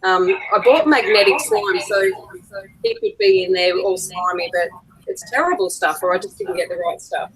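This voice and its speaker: Casting: Australian woman, lowish voice, chatty maker on a video call. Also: expressive, normal speed, rough recording. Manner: chatty, explains her craft, laughs easily. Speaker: fan puppet maker on a live video call. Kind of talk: casual chat.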